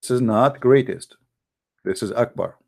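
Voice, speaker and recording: A man's voice: mid-range voice, unhurried, creaky, darkish tone. A man giving a polemical online talk, emphatic and full of rhetorical questions, addressing listeners as guys, with non-native grammar and frequent restarts. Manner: addresses the audience directly as guys. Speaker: religious debate speaker.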